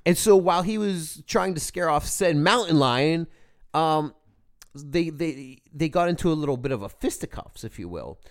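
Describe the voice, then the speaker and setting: A man co-hosting a podcast, going off in a loud, rambling rant. His pitch swings all over and sits a little high for a man. It's loose, profane, joking chat between friends. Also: normal speed. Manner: animated ranting, swearing, mock voices. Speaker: podcast co-host. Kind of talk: casual chat.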